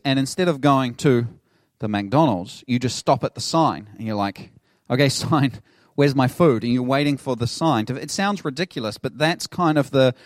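A man's voice: mid-range voice, no echo, clean studio sound. A middle-aged man, a pastor preaching a sermon in a casual, conversational way, acting out the people in his story. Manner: conversational, animated storytelling with laughs.

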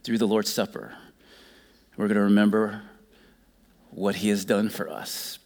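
A male pastor preaching a sermon, moving between loud, urgent exhortation and soft, near-whispered lines, then leading communion. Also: lowish voice, level tone, a little slow, vocal fry.

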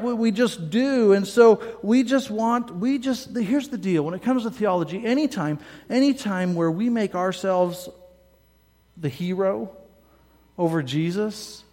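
A man's voice: high-pitched, a little mellow, big-room sound. A male pastor preaching a sermon in a church, talking conversationally, often asking "right?" and acting out his listeners' voices.

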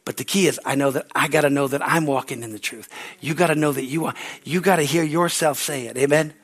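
A man preaching a sermon as pastor, building into excited shouts of praise with many hallelujahs. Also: fairly high pitch, fast.

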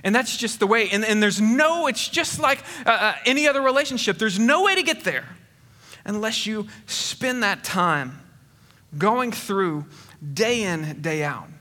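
A man's voice: sits high, expressive, unhurried, sharp tone. Man, middle-aged, pastor, sermon, earnest conversational delivery, restarts phrases, long church reverb. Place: church sanctuary.

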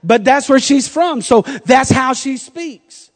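High-voiced Southern pastor in a hall. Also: male voice, expressive, slow pace. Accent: Southern US, North Carolina. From North Carolina, US. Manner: humorous storytelling with frequent laughter. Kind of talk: sermon.

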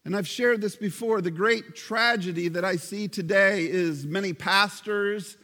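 Male pastor, high voice, emphatic sermon delivery, long hall reverb. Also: pushed and bright. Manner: emphatic, with slow stressed phrases.

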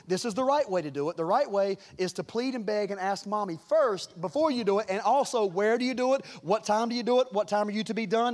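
A high-pitched middle-aged male pastor delivers a sermon, animatedly recounting a family story and chuckling along the way.

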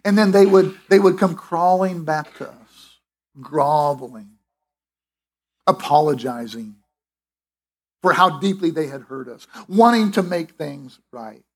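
Husky-voiced man preaching conversationally. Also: a little high, lively intonation, unhurried, long pauses. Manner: conversational, emphatic, with restarts and asides. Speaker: pastor. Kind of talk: sermon.

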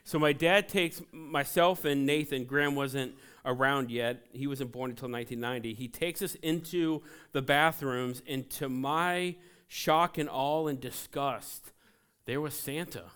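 Smooth-voiced pastor, joking storyteller. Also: male voice, medium pitch, a little slow. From Ohio, USA. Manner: conversational, joking, animated storytelling. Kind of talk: sermon with personal stories. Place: church sanctuary.

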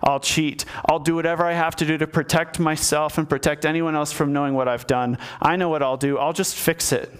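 A man's voice: a little high, fairly even intonation, brisk, few pauses, clear, resonant tone, close to an everyday voice. A man voicing a panicked, guilty king who makes awkward small talk as he tries to cover up a mistake.

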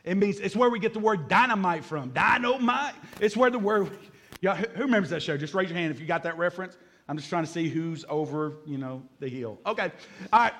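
High-voiced guy preaching to a congregation, lively, repeats words, cracks jokes. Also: brisk. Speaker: pastor. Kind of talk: sermon.

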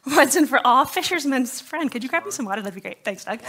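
Bright-voiced woman preaching a sermon. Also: high voice, lively intonation, normal speed. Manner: conversational, joking asides to the congregation. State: slightly scratchy throat. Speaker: pastor. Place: church service before a congregation.

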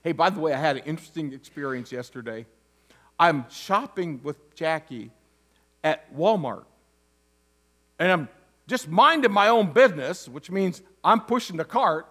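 A man's voice: on the high side, expressive, moderate pace, sharp tone. A man, an interim pastor, preaching a conversational sermon with joking asides and frequent restarts. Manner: restarts and stumbles over words.

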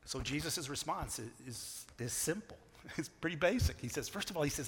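A middle-aged man preaching a sermon, telling a story with big swings from loud to hushed. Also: fairly high pitch, expressive, normal speed, slightly rough. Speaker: pastor. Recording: long reverb of a large hall.

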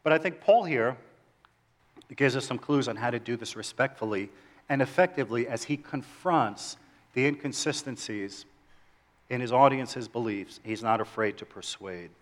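A middle-aged man preaching a sermon in a church, animated, asking his listeners questions and joking with them. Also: mid-range voice, normal speed. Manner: animated, asks the audience questions, jokes. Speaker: pastor.

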